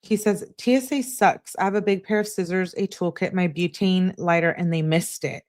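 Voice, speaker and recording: A woman on a live stream reading text messages aloud in a steady voice, breaking off to answer her chat. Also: on the low side, brisk. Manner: flat reading, asides to chat.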